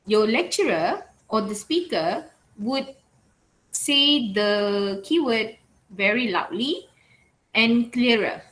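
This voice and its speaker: Slow-speaking woman lecturing online. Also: on the high side, a bit bright, rough recording. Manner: slow, repeats and stresses keywords, frequent "all right" and "okay". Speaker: university English lecturer.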